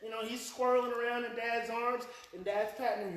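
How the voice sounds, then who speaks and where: A man giving a live talk on parenting, telling a story with lively mimicry and repeating key phrases for effect. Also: very high-pitched, a little fast, heavy background noise. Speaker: parenting speaker. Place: hall with a live audience. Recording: echoey hall, speaker heard from far off.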